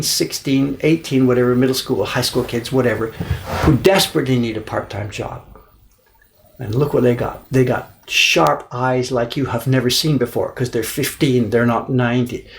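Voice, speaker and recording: A middle-aged man casually telling an animated story on a livestream, repeating words for emphasis and acting out the people he quotes. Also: medium pitch, moderate pace, vocal fry. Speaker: printmaker and livestream host. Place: indoor workshop.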